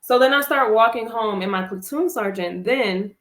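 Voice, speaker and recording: A woman's voice: a little high, moderate pace, roomy sound. A woman, an army veteran and interview guest, telling her personal story candidly and expressively, acting out her own past words.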